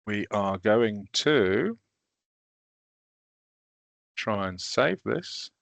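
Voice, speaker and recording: Gravelly low-voiced male trainer. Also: big pitch swings, very slow, fairly bright tone, no echo. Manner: casual, chatty, self-deprecating while demonstrating step by step. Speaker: trainer demonstrating teaching software. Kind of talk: recorded online training session.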